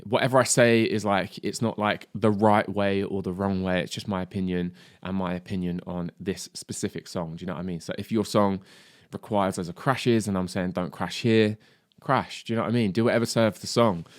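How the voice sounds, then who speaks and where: Male drum tutor, lowish voice, dry close sound, chatty and sweary, keeps checking in with the viewer. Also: steady tone, brisk, dry recording. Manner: chatty, swears, says "mate" and "do you know what I mean". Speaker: drum teacher. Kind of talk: casual video lesson.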